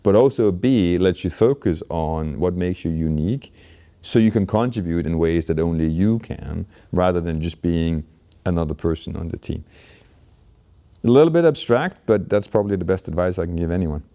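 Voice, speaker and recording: A man's voice: low-pitched, animated, moderate pace, dark tone. A middle-aged man giving reflective interview answers as a guest, thoughtful and full of "you know" fillers and restarts. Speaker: interview guest, healthcare innovation leader.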